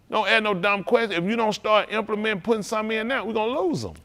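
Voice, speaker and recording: A man's voice: sits high, fast, few pauses. A middle-aged man preaching a sermon, calling out to the congregation and teasing young listeners. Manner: animated, calls to the congregation, teasing asides.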